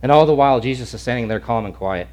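A male preacher giving a dramatic sermon, swinging from shouted lines to hushed near-whispers and repeating words as he acts out the scene. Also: mid-range voice, fast talker.

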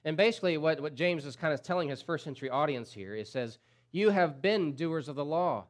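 A man's voice: expressive, fairly quick. Emphatic male pastor preaching. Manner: swings from loud emphatic peaks to low quiet drops; repeats key phrases for emphasis. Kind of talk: sermon.

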